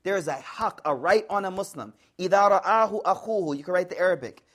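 An African American Islamic teacher from the United States gives a lively, conversational religious lecture, acting out voices to convey tone. His voice is high and he speaks at a racing pace.

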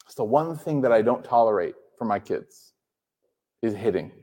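Guy in his 30s giving a talk, jokey and animated with the crowd, lots of hall echo. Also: mid-range voice, moderate pace. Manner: lively, conversational, joking with the crowd. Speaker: Islamic speaker. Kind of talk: sermon to a live audience. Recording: hall reverb.

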